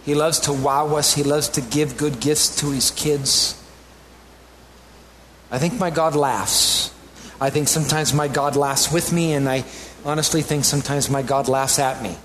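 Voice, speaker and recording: A man delivers a sermon in a somewhat raised, animated voice, climbing to emphatic peaks before dropping into easy conversational asides with his congregation. A faint room ambience sits behind him. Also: on the high side, unhurried, a little hiss or hum. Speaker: pastor.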